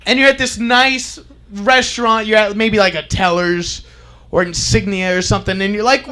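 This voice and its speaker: Man, high bright voice, stand-up comedy bit, laughs through jokes. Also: steady tone, moderate pace.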